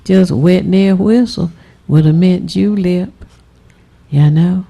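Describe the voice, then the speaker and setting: A woman's voice: on the low side, slow, vocal fry, warm tone. A woman telling mocking stories in a casual talk-show conversation. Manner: storytelling, mocking.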